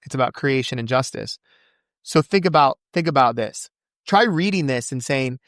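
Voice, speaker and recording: A man speaking as a podcast guest in casual conversation, fervent and quick to recite scripture from memory. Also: expressive, a bit bright, dry recording, studio quality. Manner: acts out quoted voices with big pitch jumps.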